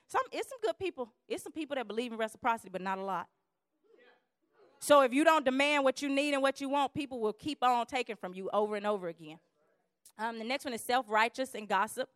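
A woman giving a lively church teaching on conflict, acting out quarrels in quick voices. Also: fairly high pitch, no room sound, clean studio sound.

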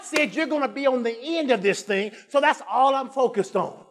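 High-voiced preacher man, shouting in bursts. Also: animated. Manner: swings from quiet asides to shouted emphasis, drawn-out scripture lines; colloquial, repeats phrases for emphasis. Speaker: pastor. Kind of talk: preaching a sermon with call-and-response.

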